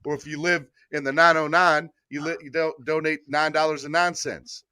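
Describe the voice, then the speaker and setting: A man's voice: on the high side, little pitch movement, normal speed, pushed and bright, clean tone, no echo. A man hosting a casual sports talk podcast, laughing often and urging listeners to donate. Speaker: podcast host. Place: Baltimore area.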